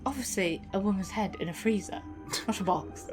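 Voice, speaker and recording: A woman's voice: medium pitch, a little fast, soft background music. A woman co-hosting a reaction video, chiming in with short agreements and questions in casual chat.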